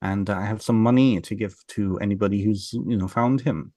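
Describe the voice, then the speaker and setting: A man's voice: lowish voice, steady tone, brisk, dark tone, no echo, close to an everyday voice. A man voicing a small, finely dressed fairy man with sly, overly polite manners, in a dry room.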